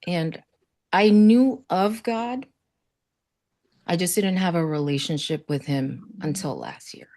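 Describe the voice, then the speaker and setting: A woman's voice: lowish voice, expressive, slow pace, pauses often, dark tone. A woman from South Florida on a panel, sharing earnest, faith-filled stories and acting out quoted voices. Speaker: summit panelist. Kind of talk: casual panel conversation.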